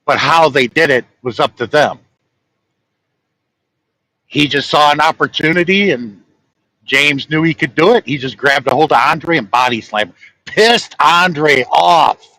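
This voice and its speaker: A man's voice: on the high side, measured pace, pauses often, bright, forceful tone, rough recording. A man, a truck-driving vlogger, telling a story in a rambling, chatty way and chuckling at his own tales. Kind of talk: casual storytelling.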